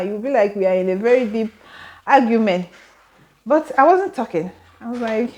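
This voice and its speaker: A young Nigerian woman with a Nigerian accent telling a personal story to camera, animated and full of rhetorical questions, indoors at home. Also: on the high side, normal speed. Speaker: vlogger. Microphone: camera mic with ring light.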